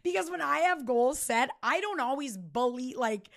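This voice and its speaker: A woman's voice: high-pitched, moderate pace, vocal fry. Upbeat motivational woman podcast host. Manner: energetic, emphatic, repeats key points.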